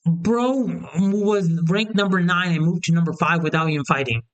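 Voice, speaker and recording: Young male commentator, slightly high smooth voice, opinionated rambling rant. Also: moderate pace, muffled recording. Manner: opinionated, heated, rambling with restarts. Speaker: MMA commentator. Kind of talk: casual opinion rant to camera.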